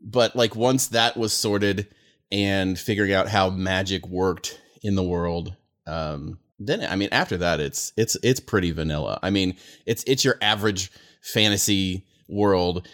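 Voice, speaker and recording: A man with a somewhat low voice chats casually as a podcast's game master. He rambles with plenty of "um" and "like". His tone stays easygoing throughout. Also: unhurried. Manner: relaxed, rambling, with frequent "like" and "um".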